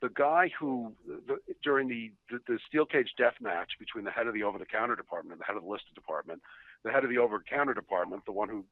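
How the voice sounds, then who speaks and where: A man's voice: fairly low pitch, fast, no room sound. A man on a podcast, telling profane anecdotes in a chatty, laughing way. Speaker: podcast guest. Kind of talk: casual storytelling. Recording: dry tinny phone line.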